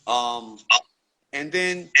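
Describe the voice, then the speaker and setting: A man's voice: mid-range voice, lively intonation, drawn-out words, low-quality recording. A man telling graffiti stories in a casual interview, laid-back and swearing freely in street slang. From New York. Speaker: graffiti writer being interviewed. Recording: loud background noise.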